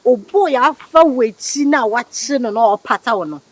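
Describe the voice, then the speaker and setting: A woman's voice: fairly high pitch, expressive, normal speed, no echo. A Ghanaian woman acting in a comedy skit, chatting and mixing Twi with English.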